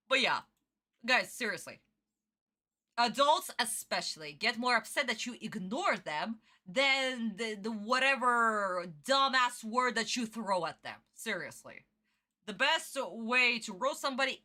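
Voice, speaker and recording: A woman's voice: on the high side, pushed and bright. A young woman streaming a casual reaction chat, talking in an opinionated, emphatic way with lots of repetition. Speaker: streamer reacting to an anime episode.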